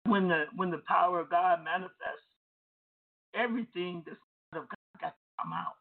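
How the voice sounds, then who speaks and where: Deliverance minister, testimony preaching, emphatic and repetitive, husky voice, tinny phone-like sound. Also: medium pitch, normal speed. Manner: repetitive, emphatic storytelling with restarts.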